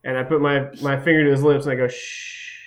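A man playing a tabletop role-playing game, animatedly describing his character's actions with quick restarts and laughter. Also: medium pitch, level tone. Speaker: player.

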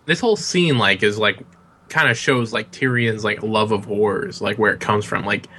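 A man's voice: on the low side, normal speed, pushed and bright, breathy edge. A man co-hosting a casual podcast, joking around and rambling with lots of filler words. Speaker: podcast co-host. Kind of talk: casual chat.

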